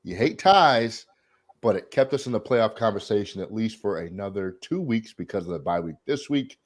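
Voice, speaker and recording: A man's voice: on the low side, normal speed. A man hosting a sports podcast, opening with showman hype and then chatting casually. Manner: hype showman intro, animated. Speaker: podcast host.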